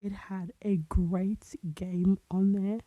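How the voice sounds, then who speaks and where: A young woman co-hosts a casual podcast, speaking slowly with a husky, very dark, mellow tone. She rambles while searching her memory, often slipping into breathy half-whispered asides. The sound is dry and close. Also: mid-range voice, flat delivery, dry recording, low-quality recording. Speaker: podcast co-host. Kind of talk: casual chat.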